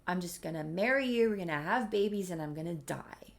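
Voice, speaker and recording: Woman playing moody young guy, defensive, rambling, low gravelly voice. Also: lively intonation, a little fast, slight background noise. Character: young man, moody and evasive.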